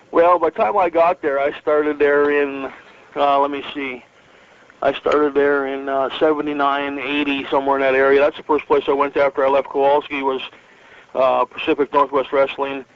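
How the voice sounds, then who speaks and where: This northern Michigan man, middle-aged and a retired wrestler, rambles through stories in a laid-back interview, often chuckling and filling or restarting his sentences. His medium-pitched voice barely moves in pitch at a moderate pace, with a clean tone though the highs are cut off.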